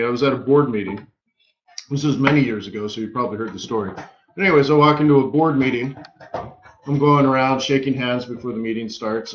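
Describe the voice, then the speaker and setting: A man hosting a live trading webinar, telling stories in an energetic, emphatic way with punchy repeated phrases. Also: mid-range voice. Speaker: forex market strategist hosting a live webinar. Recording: roomy, slightly dull webinar audio.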